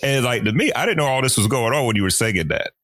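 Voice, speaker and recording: A man's voice: mid-range voice, very animated, quick pace, a bit bright, no echo. A young adult man co-hosting a podcast, asking long, thoughtful questions that wander a little, with fillers. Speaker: podcast co-host. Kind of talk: casual interview questions.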